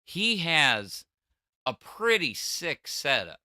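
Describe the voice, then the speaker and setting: A man's voice: fairly high pitch, big pitch swings, slow, sharp tone, no room sound, clean studio sound. A man co-hosting a casual livestream chat, rambling and restarting his sentences as he tells stories. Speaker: podcast co-host.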